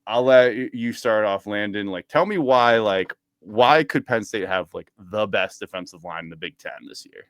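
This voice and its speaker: A man hosts a casual sports podcast in a smooth, resonant voice that sits a little low. He asks his questions loosely and fills them with "like." The sound is dry and close. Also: normal speed, few pauses, no room sound. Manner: relaxed, loose questions full of "like". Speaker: podcast host.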